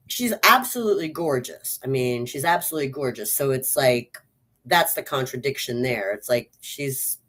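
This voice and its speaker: A woman giving a casual spoken movie review, chatty and enthusiastic, with lots of "like" and "um". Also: deep voice.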